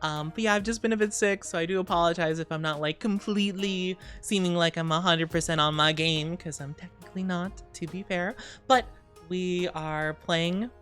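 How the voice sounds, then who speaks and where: A woman's voice: lowish voice, moderate pace, fairly bright tone, faint music behind. A young woman streamer talking casually while sick and dizzy, giggly, rambling and self-conscious. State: sick, dizzy, under the weather. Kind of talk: casual chat.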